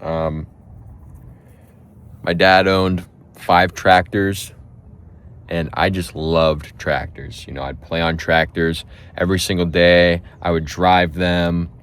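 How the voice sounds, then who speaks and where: A man voicing a woman on a date in a joke, earnestly rambling about her past, in his low voice. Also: little pitch movement, takes it slowly, fairly bright tone, clean tone. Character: woman on a date telling her life story. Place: outdoors on a golf course.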